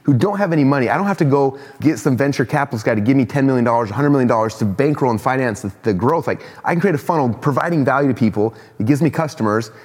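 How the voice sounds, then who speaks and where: A man telling a quick, excited story as a podcast guest, laughing often. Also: medium pitch, in a large hall. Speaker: podcast guest, company founder. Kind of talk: casual storytelling in a podcast chat.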